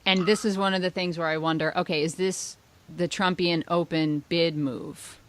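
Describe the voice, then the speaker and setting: A woman co-hosting a casual political chat podcast, sarcastic and quick to mock opposing views in asides. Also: lowish voice, steady tone. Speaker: podcast co-host.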